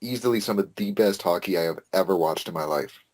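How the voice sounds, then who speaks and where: A man with a very low-pitched voice talks in a loose, casual podcast chat. He gets excitable, drops the odd swear word and restarts his sentences as he goes. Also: fast talker. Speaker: podcast co-host.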